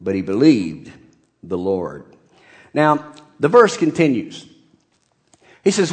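A man preaching a sermon to his congregation, telling a Bible story with lively emphasis and occasional chuckles. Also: medium pitch, measured pace, long pauses. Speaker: pastor.

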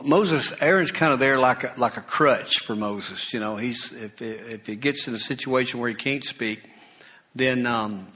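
Forceful, unhurried male preacher. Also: medium pitch. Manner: conversational preaching with asides and repeated emphasis. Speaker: pastor. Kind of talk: sermon.

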